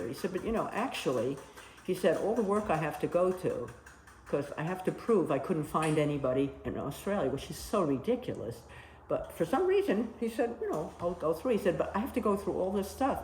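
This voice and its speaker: A woman's voice: low voice, brisk, slight background noise. A woman telling stories in a casual interview, acting out the voices of the people she quotes. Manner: animated, acts out quoted dialogue. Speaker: storyteller recalling nursing work abroad. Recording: roomy with faint ambience.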